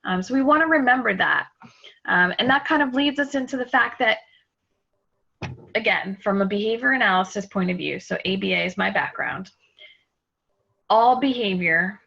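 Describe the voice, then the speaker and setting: A woman's voice: mid-range voice, gravelly, sharp tone, husky. A woman presenting an online workshop over a video call, talking with energy, with fillers and restarts. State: out of breath. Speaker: webinar presenter. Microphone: computer mic on a video call. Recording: muffled video call audio.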